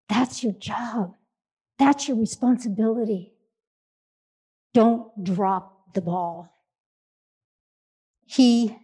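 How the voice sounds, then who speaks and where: A woman's voice: mid-range voice, darkish tone. A middle-aged woman sharing a heartfelt personal story, earnest, with repeated phrases for emphasis and small restarts. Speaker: speaker sharing a reflection.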